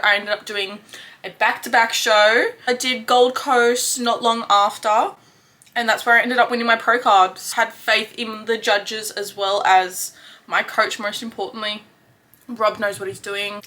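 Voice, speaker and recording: A woman's voice: on the high side, sharp tone. A woman in her twenties with an Australian accent, chatting casually and upbeat in a vlog, full of slang and fillers. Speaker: fitness vlogger.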